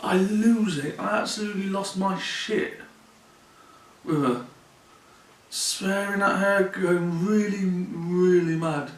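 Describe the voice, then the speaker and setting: A man's voice: sits high, steady tone, takes it slowly. Man, distant and roomy. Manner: earnest, plainspoken, repeats phrases. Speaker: vlogger. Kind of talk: personal confessional vlog. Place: room in his mother's home. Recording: roomy sound from a distant mic.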